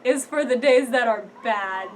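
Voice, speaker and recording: A young woman vlogging casually to camera, chatty and quick to laugh, with lots of fillers. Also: a little high, a little hiss or hum, poor audio. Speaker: vlogger studying abroad.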